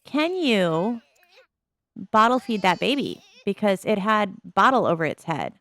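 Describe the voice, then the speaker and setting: A woman's voice: mid-range voice, sing-song, normal speed, fairly bright tone. A woman giving casual, amused commentary on her life-sim game as a video host. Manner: chatty, amused, narrates the characters' thoughts.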